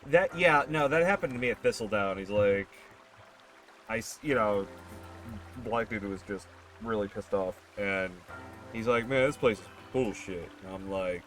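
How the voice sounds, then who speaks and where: A man's voice: lowish voice, normal speed, a bit bright, soft background music. A man streaming a game while telling rambling, self-correcting stories about work. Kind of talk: casual chat while gaming.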